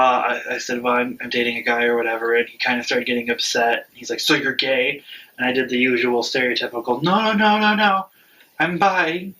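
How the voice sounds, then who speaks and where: A man's voice: mid-range voice, sharp tone, far from the mic, poor audio. A man in his twenties telling a personal story in casual chat, rambling and frank, swearing freely. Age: 20s. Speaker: vlog regular.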